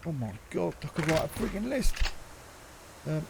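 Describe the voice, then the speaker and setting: Chatty man with a gravelly voice. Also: on the high side, animated, moderate pace, noisy background. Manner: chatty, mutters to himself, mild swearing. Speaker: gaming channel host. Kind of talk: survival game commentary.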